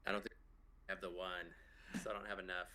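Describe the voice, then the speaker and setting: A man's voice: sits low, level tone, quick pace, pushed and bright, low-quality recording. A man playing in a tabletop role-playing game, describing what his character does in a rambling way full of fillers. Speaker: player.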